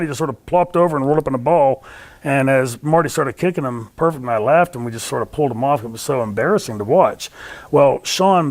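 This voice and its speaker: A man of medium pitch with vocal fry appears as a guest in a storytelling interview. He narrates with lively energy, slipping into the voices of the people he quotes.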